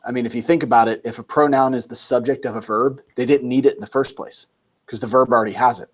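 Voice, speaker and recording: A man's voice: medium pitch, fairly even intonation, fast talker. A man tutoring a student one-on-one, explaining points patiently and with emphasis. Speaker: Greek tutor.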